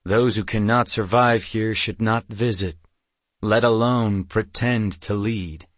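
A man's voice: on the low side, steady tone, slow, no room sound. A man voicing a grim antlered male beast-man chieftain who speaks in cold, formal sentences. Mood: stern.

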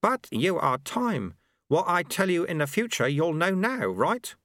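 A man's voice: on the high side, very animated, a little slow, fairly bright tone, no echo, clean studio sound, voice pushed up, exaggerated voice. A man voicing a wily old male monastery sweeper who talks in a chirpy, folksy, teasing way.

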